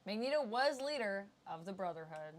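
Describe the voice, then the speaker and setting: A woman hosts a casual conversation. She is chatty and laughs often. Her voice sits at an ordinary pitch. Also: sing-song, a little fast. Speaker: podcast host. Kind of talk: casual chat.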